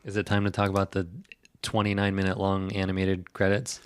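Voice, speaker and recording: Lower voiced dude on a movie podcast, dry and a bit sarcastic. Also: male voice, monotone, a little fast, smooth. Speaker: podcast co-host. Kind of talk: casual chat.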